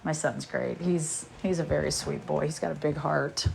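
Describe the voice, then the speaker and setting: This livestream host, a woman in her forties, cleans her house while she talks, her phone camera switched off. Speaking at a normal speed in a low, creaky, slightly mellow voice with fairly even intonation, she chats casually, hops between stories, and is slightly winded.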